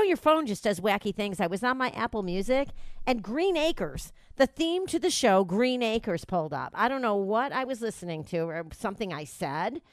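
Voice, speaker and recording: Animated, laughing woman radio host. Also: fairly high pitch, dry recording. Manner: animated, laughs often, rambling. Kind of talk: casual radio chat.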